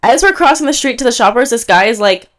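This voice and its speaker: Animated young woman telling a story. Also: a little high, fast. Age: 20s. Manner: animated storytelling, acts out quotes. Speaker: podcast co-host. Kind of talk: casual chat.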